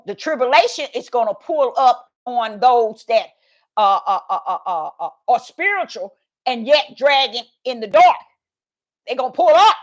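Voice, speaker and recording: A high-voiced woman preaches over a livestream. She reads verses aloud and keeps asking her viewers to answer, in a call-and-response way. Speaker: online preacher. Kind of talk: livestream Bible teaching.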